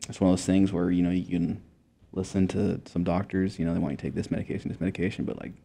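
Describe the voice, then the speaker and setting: A young man with a very low, gravelly voice and a dark, mellow tone. He is a guest telling his story in a casual interview. He talks in a laid-back way, swearing often and filling gaps with loose filler words. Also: little pitch movement, fast talker, slight background noise. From Montana, USA.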